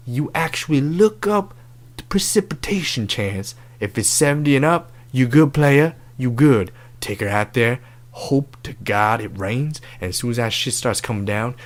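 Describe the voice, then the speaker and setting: A brash, crude love-advice doctor, put on by a young man for a comedic podcast bit. He talks in swaggering, profane slang at an ordinary middle pitch.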